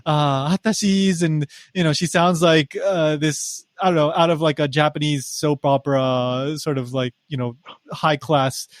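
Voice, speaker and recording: A man co-hosting a podcast in relaxed casual chat, adding examples and qualifications, on a close mic. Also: a little high, measured pace, no room sound. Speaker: podcast co-host.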